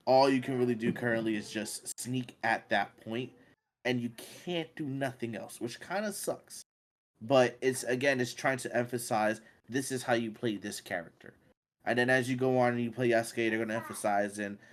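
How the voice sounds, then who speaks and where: A man's voice: mid-range voice, normal speed. A man co-hosting a casual gaming podcast, rambling with many fillers and restarts. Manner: rambling, filler-heavy, animated when excited. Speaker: podcast co-host.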